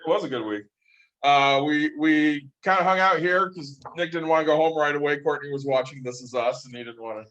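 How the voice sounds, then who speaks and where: A man's voice: fairly high pitch, fairly quick, lo-fi sound. A man co-hosting a casual podcast, relating a story in an easygoing way. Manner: relaxed anecdotal storyteller. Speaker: podcast co-host. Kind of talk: casual chat.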